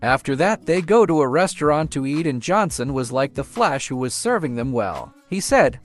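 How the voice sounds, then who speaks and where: A man narrating a comic story recap in an animated storytelling way. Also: fairly high pitch, normal speed, few pauses, soft background music.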